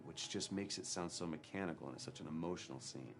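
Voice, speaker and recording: A man's voice: deep voice, fast talker, vocal fry, hardly any pauses, slight background noise. A man speaking as an actor, candidly and with self-mockery, as he recalls a hard shoot. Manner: candid, storytelling, self-mocking. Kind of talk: documentary interview.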